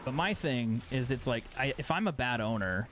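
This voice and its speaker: A man's voice: mid-range voice, lively intonation, normal speed, fairly bright tone. A young man streaming a game live, chatting casually and sarcastically, swearing freely. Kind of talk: casual chat while gaming live.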